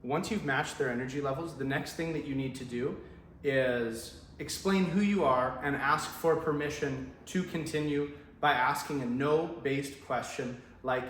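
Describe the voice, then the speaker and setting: A man with a fairly high voice coaches salespeople on phone calls. He is upbeat and direct and acts out sample greetings. He sounds like he is in an echoey room with a faint hum behind him. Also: moderate pace, fairly bright tone. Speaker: sales trainer. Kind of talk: direct-to-camera sales tips.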